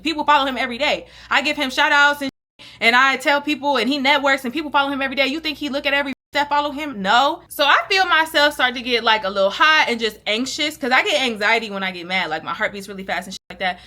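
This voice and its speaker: A young woman vlogger tells a story in a casual, animated way, full of slang and swearing, and she acts out what people said. Her voice sits high. It rings bright and sharp. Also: fast.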